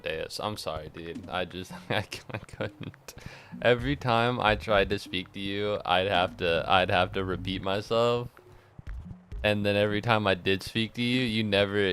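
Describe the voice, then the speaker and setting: A man's voice: on the low side, a bit bright, slight background noise. A tired young man streaming while he plays a game, chatting casually in a rambling, self-mocking way and swearing freely. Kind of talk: casual chat while gaming.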